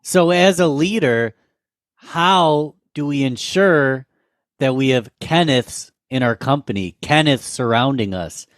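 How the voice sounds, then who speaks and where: A man's voice: mid-range voice, animated, slow pace, no echo. Podcast host man, dry close sound. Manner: rambling, stacks several questions at once. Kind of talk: podcast interview.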